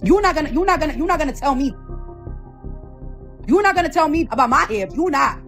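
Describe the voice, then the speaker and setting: A woman tears into her critics in a rapid, high-pitched rant. She swears freely and circles back to the same phrases again and again, confrontational from start to finish. A faint bed of music runs underneath. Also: animated, fairly bright tone. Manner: profane, confrontational, repeats phrases over and over. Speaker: founder of a hair product. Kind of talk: heated off-the-cuff rant.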